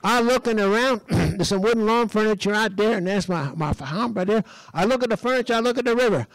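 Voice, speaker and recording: An older man from Western Massachusetts giving a lively, folksy storytelling talk on stage, often clearing his throat. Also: sits high, fairly quick, no room sound, low-quality recording. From Western Massachusetts, USA. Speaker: speaker at a design college talk. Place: lecture stage.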